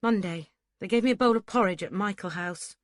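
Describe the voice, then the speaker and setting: A woman's voice: medium pitch, a little fast, dry recording, clean studio sound, natural voice. A woman voicing a proud, sulky young lad who sounds defiant and pleading.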